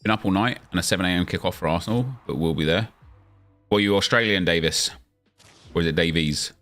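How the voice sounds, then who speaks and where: A man's voice: deep voice, quick pace, fairly bright tone, faint music behind. A young man chatting casually on a live stream, answering viewer questions as he plays a football game.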